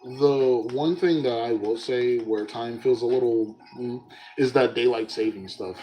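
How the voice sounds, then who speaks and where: A young man hosting a casual solo podcast, telling stories in an animated way and often breaking into laughs. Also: medium pitch, unhurried, slight background noise, poor audio.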